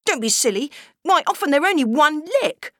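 A woman's voice: animated, moderate pace, a bit bright, no echo, studio quality. A woman voicing a scornful small boy. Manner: high scoffing boyish voice.

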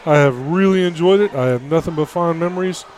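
A middle-aged man with a fairly high voice chats in a relaxed, easygoing way on a radio podcast. He laughs often and keeps things low-key. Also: fast talker, a little hiss or hum. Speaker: departing co-host. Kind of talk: casual podcast chat.

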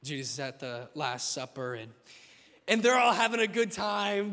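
A young man preaching a sermon, impassioned, swinging between loud declarations and hushed asides, in a large church. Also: high-pitched, moderate pace. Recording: long hall reverb.

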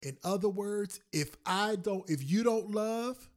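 A male pastor preaching a sermon on a prayer call, repeating lines slowly for emphasis and swinging between loud and soft. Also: high voice. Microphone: phone call.

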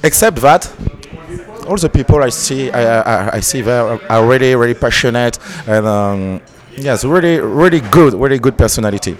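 Brief: French-accented musician from Haiti, plain mid-pitched male voice, halting English, searching for words. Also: lively intonation. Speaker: band musician. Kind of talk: casual interview.

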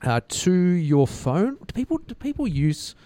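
A man's voice: high-pitched, sing-song, a little slow, dark tone. A man hosting a podcast from a radio studio on a studio mic, joking and poking fun at himself in casual chat. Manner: joking and self-mocking. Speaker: podcast host.

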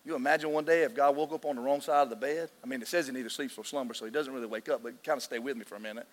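Excitable preacher man in a reverberant hall. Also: medium pitch, very fast. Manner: emotional, excitable preaching with frequent restarts. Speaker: pastor. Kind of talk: sermon. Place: large church hall.

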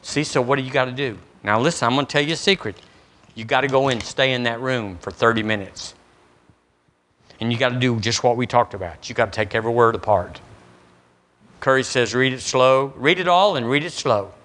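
A man's voice: medium pitch, brisk, a bit bright. A middle-aged man preaching a sermon as pastor, folksy and acting out little dialogues. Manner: folksy, acts out dialogues with God.

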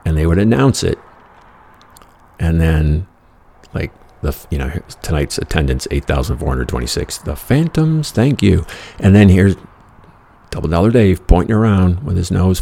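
A man's voice: low voice, vocal fry, darkish tone, husky. A man telling a casual anecdote in a wry, exasperated, profane way. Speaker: storyteller.

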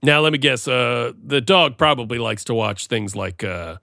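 A man's voice: mid-range voice, normal speed, creaky, pushed and bright, dry recording, clean studio sound. A man co-hosting a comedy podcast, talking in a rambling, playful, self-deprecating way. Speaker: podcast co-host. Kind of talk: casual comedic chat.

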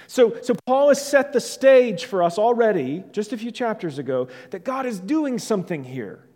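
A man with a rather high voice preaches a sermon with earnest emphasis. He repeats key phrases and sinks low on the important words, and a long reverb trails behind him as in a large hall. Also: very animated, moderate pace, hardly any pauses, warm tone. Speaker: pastor.

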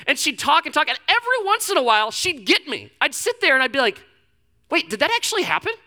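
A male pastor preaching in a loose, conversational way, filling his stories with casual asides. His voice sits high for a man and rings very bright and forceful. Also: very animated, fast talker. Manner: conversational, storytelling, frequent fillers. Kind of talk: sermon. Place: church.

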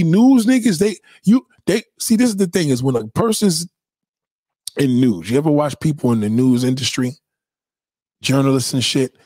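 A man hosting a livestream, reading chat and ranting in a blunt, mocking, animated way. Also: a little high, no echo, clean studio sound. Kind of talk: casual profane rant.

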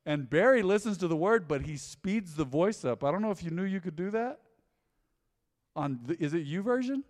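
Male pastor, slightly high voice, animated conversational sermon, long hall reverb. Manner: animated, conversational preaching with repetition. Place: church hall.

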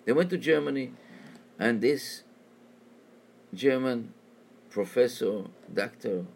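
A man telling a religious story as a sermon, talking in halting, repetitive phrases. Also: medium pitch, animated, gravelly, a little hiss or hum.

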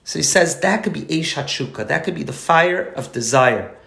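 A man's voice: on the high side, expressive, moderate pace, creaky, a bit bright, roomy sound. A man leading a study class in a chatty, rambling lecture full of asides. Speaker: teacher leading a parenting study circle.

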